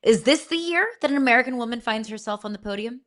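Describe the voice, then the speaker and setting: A woman co-hosting a casual sports podcast, putting questions to the guest in a measured way. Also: fairly high pitch, animated, a bit bright. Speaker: podcast co-host.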